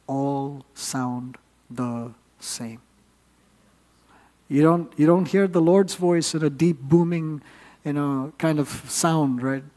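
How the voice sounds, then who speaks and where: A man's voice: fairly high pitch, a little mellow, big-room sound. A man preaching a sermon, earnest and building up with rising emphasis.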